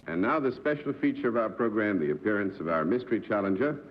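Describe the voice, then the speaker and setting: Male game-show host, courteous and formal, with a lively, lilting pitch, heard on a dull old TV recording with clear hiss. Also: quick pace. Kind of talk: hosting a live television panel game.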